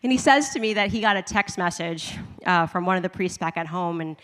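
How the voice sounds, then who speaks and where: Woman, fairly low voice, animated storyteller who laughs a lot, reverb-heavy room. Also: fairly quick. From United States. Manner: animated, laughing often, acting out her own reactions. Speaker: commentator. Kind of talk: personal testimony storytelling.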